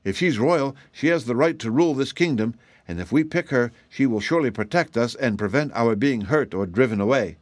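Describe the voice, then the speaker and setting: A man's voice: medium pitch, animated, fairly quick, dry recording, natural voice. A man voicing an easygoing, friendly wandering man in a storybook.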